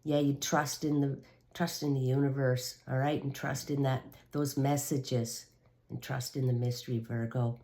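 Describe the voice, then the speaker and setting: A woman's voice: extremely low pitch, level tone, normal speed, dark tone. A woman hosting a tarot reading video, talking straight to the viewer in a reassuring way and often checking in with "okay". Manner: reassuring, repeats "okay" and the listener's sign. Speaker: tarot reader.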